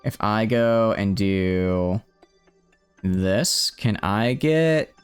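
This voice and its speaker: A man chats loosely through a live game stream, thinking aloud and stumbling over words before starting again. His voice sits fairly low and sounds smooth and clean. Soft music plays quietly behind him. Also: lively intonation, drawn-out words. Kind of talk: casual live-stream gameplay commentary.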